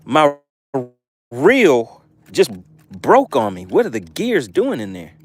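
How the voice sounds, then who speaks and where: A man's voice: on the high side, huge pitch swings, takes it slowly, no echo. Playful man hosting a fishing livestream. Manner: playful, teasing banter with viewers. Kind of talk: live fishing stream, reading chat aloud. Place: outdoors by the water.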